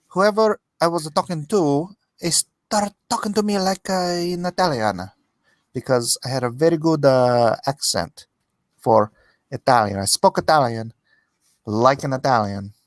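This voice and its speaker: A man hosting a relaxed livestream from his studio, spinning a story with lots of animation. His pitch leaps up and down constantly, and the sound is dry and close with no room around it. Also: unhurried, no room sound. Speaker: artist and livestream host. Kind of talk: casual livestream chat. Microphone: desk microphone.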